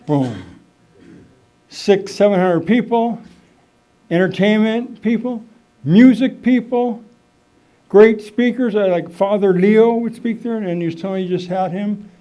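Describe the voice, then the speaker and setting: A middle-aged man giving a rambling, animated personal testimony at a recovery meeting, full of fillers and asides. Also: sits high, unhurried, long pauses. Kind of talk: personal testimony, casual storytelling.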